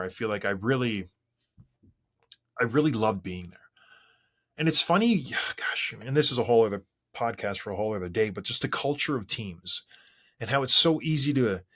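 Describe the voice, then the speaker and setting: A man in his forties hosting a casual solo podcast, talking in a rambling, conversational way with restarts. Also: fairly bright tone. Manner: rambling and conversational, with frequent restarts and swings of pitch. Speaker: podcast host.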